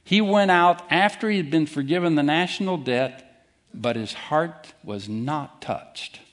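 A man preaching a sermon as pastor, emphatic and deliberate, challenging his listeners directly. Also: fairly high pitch.

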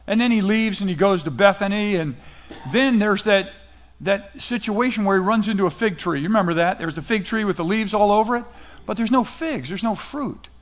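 Middle-aged male pastor, high-pitched, casual storytelling sermon delivery. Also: fairly quick. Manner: conversational preaching, retells scripture in casual paraphrase.

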